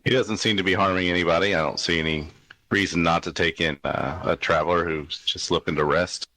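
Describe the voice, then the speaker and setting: A man voicing a calm, watchful male ship's crewman. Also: low voice, fairly quick, pitched below the performer's own voice, poor audio.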